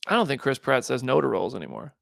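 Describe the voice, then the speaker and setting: Guy hosting a movie news show, talks super fast, kinda raspy. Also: mid-range voice, sing-song, no echo, clean studio sound. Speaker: podcast host. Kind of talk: casual chat.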